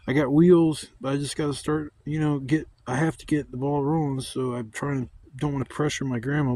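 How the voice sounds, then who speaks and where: A man's voice: mid-range voice, warm tone. A man chatting casually outdoors at his woodland campsite, rambling and swearing freely as he vlogs. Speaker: camping vlogger. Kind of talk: casual chat.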